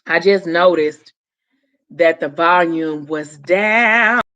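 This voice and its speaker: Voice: mid-range voice, slow, pushed and bright. Chatty vlogger rambling through a story recap. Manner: rambling, loose retelling with many fillers and asides; talks straight to viewers, chatty. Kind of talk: casual story recap to viewers.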